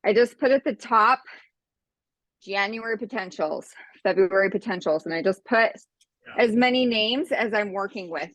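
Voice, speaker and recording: A woman's voice: medium pitch, fairly bright tone, no echo. A woman in her forties on a video call, chatty and slightly out of breath as she tells a story. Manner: chatty, storytelling, quick bursts. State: a little out of breath. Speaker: team member sharing tips. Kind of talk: casual video call chat.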